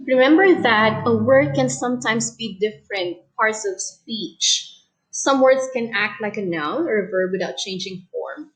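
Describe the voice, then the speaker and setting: A woman teacher giving a recorded English lesson, explaining clearly and calmly. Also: a little high, measured pace, rough recording.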